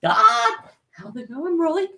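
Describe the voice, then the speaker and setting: A man voicing a prissy, high-voiced male angel attendant in a sing-song, teasing falsetto. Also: big pitch swings, a little slow, vocal fry, pushed and bright, recorded from a distance, heavily acted. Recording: roomy echo.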